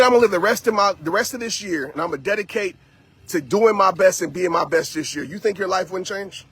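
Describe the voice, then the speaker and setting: A man's voice: high voice, fairly bright tone, slightly rough. A man giving a motivational talk to a live-stream audience while out on a walk, preachy and repetitive, speaking straight to his listeners.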